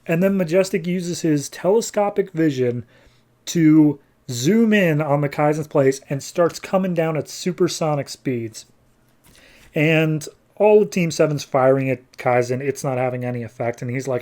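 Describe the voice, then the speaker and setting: A man's voice: a little high, lively intonation, normal speed, a little mellow. Chatty man recapping a comic. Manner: chatty, loose, filler-heavy summarizing. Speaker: podcast host. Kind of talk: casual comic book review.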